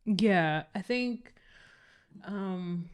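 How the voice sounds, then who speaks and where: Brief: female co-host, Spanish accent, mid-pitched, relaxed and chatty. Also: very slow, smooth. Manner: easygoing, lots of "like" fillers. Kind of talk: casual podcast chat.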